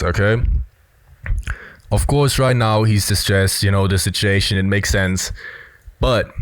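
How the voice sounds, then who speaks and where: A man with a low voice gives casual commentary on film clips and breaks down gestures as he goes. His talk is loose and full of "you know" and "right?", and it sounds dry and close with no room echo. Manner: explanatory, heavy on fillers like "you know" and "right?". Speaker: body language commentator.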